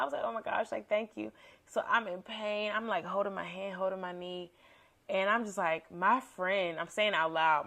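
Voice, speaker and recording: A young woman hosting a podcast, telling a story at her own middle pitch. She talks in a casual, slangy way and acts out quotes with sudden jumps in her voice. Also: a bit bright. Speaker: podcast host.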